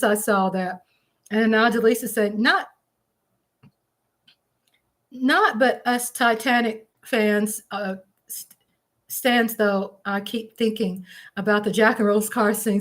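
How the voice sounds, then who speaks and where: A woman's voice: a little high, a bit bright. A woman hosting a casual live watch party, reading viewer comments aloud and laughing often. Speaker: livestream host.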